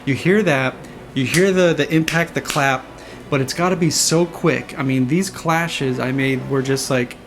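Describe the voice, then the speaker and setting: A man casually explaining how he designed sound effects, eager and imitating whooshes and booms with his voice. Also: measured pace. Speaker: saber sound font designer.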